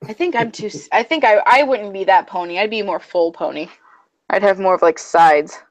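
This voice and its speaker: A woman co-hosting a casual chat show, excitable and rambling, gushing like a fangirl. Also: medium pitch, moderate pace, dull audio. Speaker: podcast co-host.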